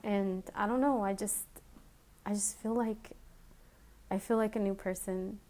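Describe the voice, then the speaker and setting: A woman recording a heartfelt personal video message, speaking in an emotional, halting way with many restarts, and she has children. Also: mid-range voice, steady tone, dark tone. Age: adult with children. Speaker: vlogger.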